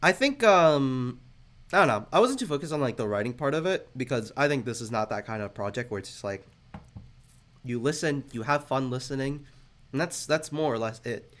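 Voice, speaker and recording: Rambling man with a lively pitch. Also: fairly quick. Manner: rambling, hesitant, laughs often. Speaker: reaction video host. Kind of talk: casual commentary.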